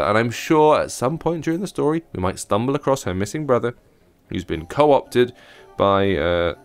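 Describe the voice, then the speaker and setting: Brief: male games reviewer, wry and chatty while playing, lowish voice, faint music behind. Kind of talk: casual gameplay commentary.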